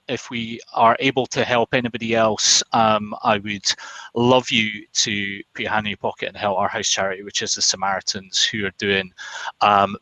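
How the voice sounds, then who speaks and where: A man's voice: low-pitched, bright, forceful tone, no echo, rough recording. Chatty British man hosting a webinar. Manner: chatty, rambling, many ums and restarts. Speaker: webinar host. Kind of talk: casual webinar wrap-up with a told joke.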